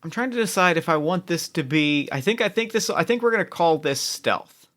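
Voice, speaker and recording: A man's voice: on the high side, animated, a little fast, fairly bright tone. A man narrating as game master of a tabletop game, rambling, with many restarts and fillers.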